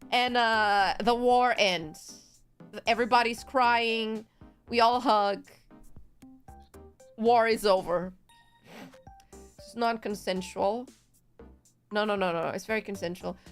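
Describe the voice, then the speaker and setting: A woman's voice: mid-range voice, a bit bright. A woman streamer chatting casually on a live stream, rambling in a giggly, playful way. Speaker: VTuber streamer.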